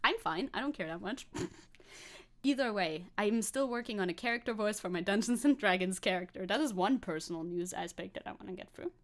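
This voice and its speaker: A woman's voice: mid-range voice, lively intonation, brisk. A woman chatting on a live stream, rambling and scatterbrained, laughing often between thoughts. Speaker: VTuber streamer. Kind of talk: casual live-stream chat.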